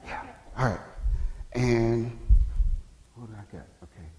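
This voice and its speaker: A man's voice: medium pitch, slow, long pauses, very noisy. Chatty man in an echoey room. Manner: jokey and chatty, with loose restarts. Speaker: workshop presenter. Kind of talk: conference workshop talk. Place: conference room.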